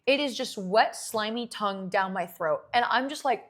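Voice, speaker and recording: A woman in her twenties, a streamer telling a long story in casual chat, animated and swearing freely. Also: medium pitch, normal speed, hardly any pauses.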